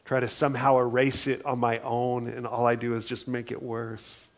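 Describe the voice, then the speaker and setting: Gravelly-voiced man preaching a sermon. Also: mid-range voice, completely flat delivery, moderate pace, muffled recording. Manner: earnest and conversational, with many fillers like "like" and "right?". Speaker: pastor.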